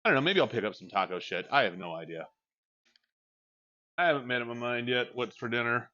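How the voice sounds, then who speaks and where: A man's voice: mid-range voice, expressive, a little fast, sharp tone, lo-fi sound. A man with a young child streams from home, chatting casually in a rambling, frank way and swearing freely into a desk mic. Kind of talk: casual chat while livestreaming.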